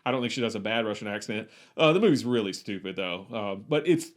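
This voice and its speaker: A man's voice: on the low side, expressive, fast talker. Rambling man on a movie podcast. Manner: rambling, self-correcting, wry. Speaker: podcast co-host. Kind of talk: casual movie podcast chat.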